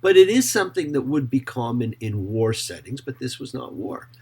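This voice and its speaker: A man who is a rabbi, teaching Torah in an emphatic, expressive way and often asking rhetorical questions. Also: medium pitch, normal speed, husky.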